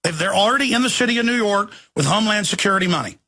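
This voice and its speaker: A middle-aged man hosting a talk radio show, ranting angrily, often shouting and turning sarcastic. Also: high voice, lively intonation, racing, vocal fry. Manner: angry, shouting rants with sarcastic asides.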